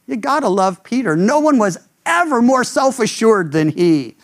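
Pastor, male, lively sweeping delivery that jumps up to voice the people he quotes. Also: moderate pace. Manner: animated, acts out quoted speakers with big pitch jumps. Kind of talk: expository sermon.

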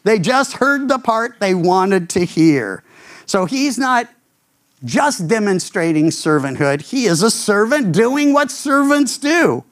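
Animated man preaching with lively pitch. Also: slow pace. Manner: animated, acts out quoted speakers with big pitch jumps. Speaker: pastor. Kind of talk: expository sermon.

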